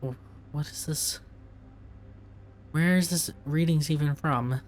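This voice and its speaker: A man's voice: a little high, takes it slowly, a little hiss or hum. A man playing a story game, casually chatting and reading in-game documents aloud, often chuckling and stumbling over tricky words. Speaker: let's play gamer.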